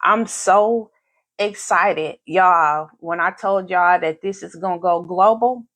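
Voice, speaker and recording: A woman hosts a live stream in casual chat. She talks slowly in a slightly low voice. She is effusive and grateful, and she repeats her phrases for emphasis. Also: a bit bright. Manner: grateful, faith-filled. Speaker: podcast host.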